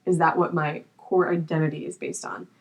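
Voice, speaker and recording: A young adult woman with a low speaking voice shares a personal story as a podcast guest. She talks in an earnest, open, unguarded way and keeps reaching for "like" between her thoughts. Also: fairly even intonation, brisk, vocal fry. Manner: earnest and open, with frequent "like" fillers.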